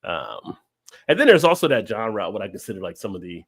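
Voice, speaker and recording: Having drinks on a live stream, a man talks fairly quickly in a slightly rough voice on the low side. He tells stories animatedly, rambles casually and laughs often.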